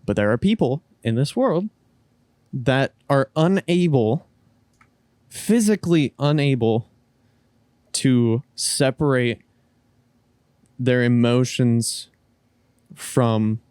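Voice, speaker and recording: A man's voice: mid-range voice, takes it slowly, long pauses, a little mellow, smooth, dry recording, clean studio sound. A man co-hosting a casual podcast, rambling through his point with frequent restarts and casual swearing. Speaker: podcast co-host.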